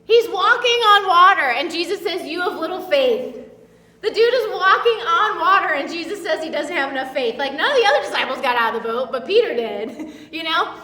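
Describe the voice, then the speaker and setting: A woman's voice: extremely high pitch, expressive, fairly quick, hardly any pauses, bright, forceful tone, roomy sound, long reverb tail, far from the mic. A woman preaching a casual sermon in a chatty, filler-heavy way, acting out the voices she quotes. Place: church.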